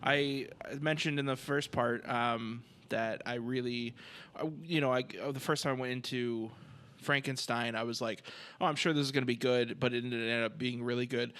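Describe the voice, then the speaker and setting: A man's voice: medium pitch, level tone, moderate pace, a bit bright, clear, resonant tone. A man chatting casually as a podcast guest, hesitant and full of fillers. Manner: hesitant, filler-heavy, laughing. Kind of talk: casual chat.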